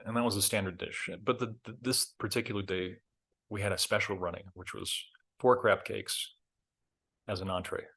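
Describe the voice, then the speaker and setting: A middle-aged man hosts a reflective talk, speaking at normal speed in a lowish, slightly rough voice. He tells a story candidly and with self-deprecation, growing animated when he reenacts moments.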